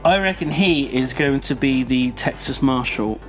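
A man hosting a let's play, reading a story game aloud with playful, jokey commentary and hushed mock narration. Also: medium pitch, a little slow, soft background music.

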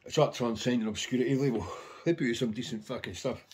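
A man's voice: mid-range voice, steady tone, quick pace, darkish tone, slight background noise. A man casually rambling through anecdotes about his record collection, swearing constantly.

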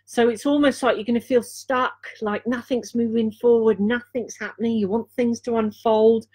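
A woman's voice: a little high, fairly even intonation, a little mellow, slightly rough. Earnest woman giving an intuitive reading. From Dorset, England. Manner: earnest, repeats key phrases, frequent filler pauses. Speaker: intuitive reader and healer. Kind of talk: live intuitive card reading.

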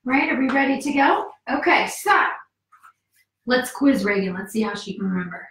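A woman with a high voice leads a kids yoga class in an upbeat, coaxing way, counting out the moves and cheering. She is a little out of breath from the exercise. Her voice comes from some distance off in an echoey room. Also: lively intonation, normal speed, creaky, a bit bright, slight background noise.

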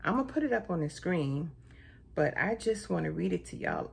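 Gravelly with a breathy edge, a middle-aged vlogger talks at a moderate pace through a casual haul video. She's chatty, says "y'all" constantly, and her pitch leaps high when excited.

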